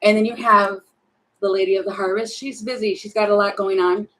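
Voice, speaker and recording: A woman talking her way through a live tarot reading, chatty and thinking aloud, exasperated at times and slipping into quick acted-out voices. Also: mid-range voice, fairly even intonation, fairly bright tone, rough recording. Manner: exasperated about the energy. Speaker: tarot reader.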